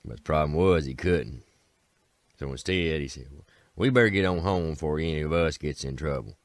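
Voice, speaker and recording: Speaking fairly quickly in an extremely low voice, a man with an Appalachian accent narrates a folk tale as a storyteller, and the recording is dry. He keeps it folksy, beginning lines with "said" and performing the characters' voices.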